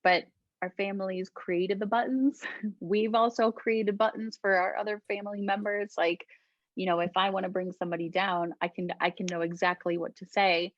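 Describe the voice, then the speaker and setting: A woman from Colombia, a guest healer, talking gently and reflectively in a casual interview, often laughing. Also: medium pitch, flat delivery, normal speed, no echo, highs cut off.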